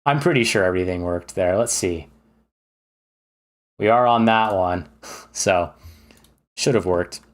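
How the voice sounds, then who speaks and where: A man's voice: deep voice, measured pace, long pauses. Chatty enthusiastic male game streamer. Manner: chatty and rambling, with many fillers. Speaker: streamer ranking games. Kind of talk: casual livestream commentary.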